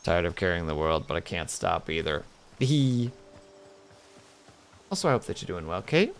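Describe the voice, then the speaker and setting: Male streamer, gravelly, lively and swooping delivery, casual chat with viewers over gameplay. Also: sits low, normal speed, a little hiss or hum. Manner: chatty, jumps between game and chat replies.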